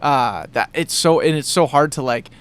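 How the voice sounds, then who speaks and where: A man's voice: a little high, expressive, normal speed, fairly bright tone, smooth. A young man hosting a podcast, chatting in an enthusiastic, loose and rambling way. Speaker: podcast host. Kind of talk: casual conversation.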